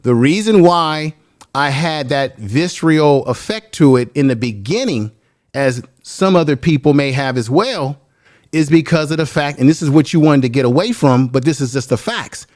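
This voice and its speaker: A man's voice: fairly high pitch, expressive, a little mellow, no room sound, clean studio sound. Emphatic man arguing on a panel. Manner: emphatic, pleads to finish his point, builds his argument slowly. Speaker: panel guest. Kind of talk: heated panel debate.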